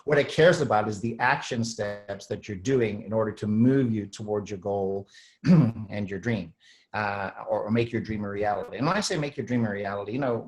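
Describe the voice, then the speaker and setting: A middle-aged man hosting a show, talking in a rambling casual monologue with frequent throat clearing and restarts. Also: lowish voice, a little mellow, poor audio. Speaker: host.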